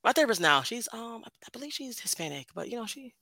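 A woman's voice: a little high, very animated, fast, crowd noise. A young woman hosting a podcast in casual chat, telling stories animatedly and acting out quotes. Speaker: podcast host.

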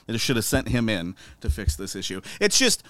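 Man, casual comedy chat, profane riffing, very lively pitch, dry close sound. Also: brisk, no echo. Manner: animated, profane, riffs with goofy put-on voices. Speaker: podcast co-host.

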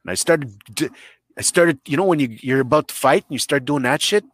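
A man from Canada, telling a comedic story in a rambling, blunt and profane way, breaking into shouted impressions. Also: fairly high pitch, a little fast, no echo.

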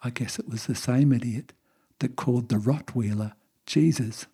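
A man voicing a smug pet parrot in a joke, speaking quietly and slowly in a deadpan way. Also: medium pitch, slightly rough.

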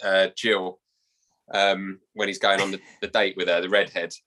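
A man chatting casually on a podcast, rambling and halting, often laughing as he talks. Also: deep voice, flat delivery, bright, forceful tone. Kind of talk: casual chat.

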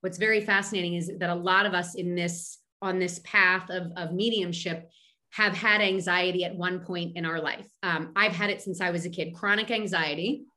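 A woman's voice: on the low side, fairly even intonation, moderate pace, bright, forceful tone. A middle-aged woman from Philadelphia, a medium being interviewed, talking chattily with frequent restarts and fillers. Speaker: medium, podcast guest. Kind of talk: casual interview conversation.

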